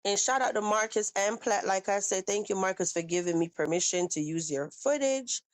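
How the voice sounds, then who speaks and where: A woman hosting a casual live reaction video, animated and talking straight to her viewers with frequent questions. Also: mid-range voice, moderate pace, dry recording. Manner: animated, asks viewers questions and reads chat aloud.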